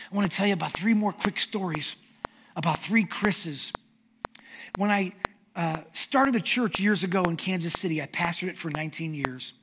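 A middle-aged male pastor preaching through stories, animated and full of humour. His voice is high for a man. The recording carries a clear hiss and some clicks. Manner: animated, humorous storyteller. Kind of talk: sermon storytelling.

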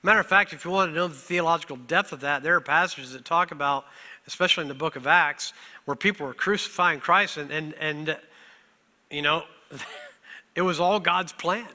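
A man's voice: a little high, normal speed, bright, forceful tone. A middle-aged male pastor preaching a sermon, emotional and self-deprecating, on the verge of tears and often laughing through them. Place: church sanctuary. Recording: long church hall reverb.

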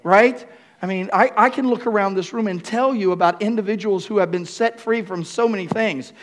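A man pastor preaching a sermon to a congregation, repeating key phrases and building up to shouts. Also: sits high, fairly quick. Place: church room with congregation.

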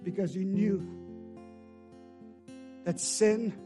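High-voiced preacher swinging from shouts to hushes. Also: male voice, steady tone, very slow, soft background music. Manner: shifts between shouting and hushed near-whispers; preacher's call-and-response cadence. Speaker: pastor. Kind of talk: sermon.

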